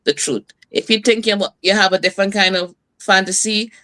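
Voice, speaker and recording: A middle-aged woman host, telling stories and preaching in a lively community broadcast. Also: mid-range voice, a little fast. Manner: lively, preachy storytelling with laughs and asides.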